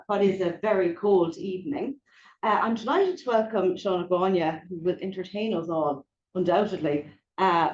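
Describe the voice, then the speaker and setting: A woman with a lowish voice opens an evening event and welcomes the speaker. She hesitates often and fills the gaps with ums. The sound is dull and echoey, as in a hall. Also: a little mellow, a little hiss or hum. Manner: hesitant, filler-heavy. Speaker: event host. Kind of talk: introducing a speaker. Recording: echoey room, dull mic.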